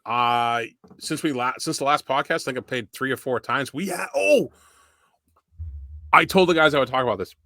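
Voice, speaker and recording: A man's voice: mid-range voice, normal speed, sharp tone, no room sound, clean studio sound. A middle-aged man co-hosting a podcast, rambling through stories with swearing and laughs. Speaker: podcast co-host. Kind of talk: casual chat.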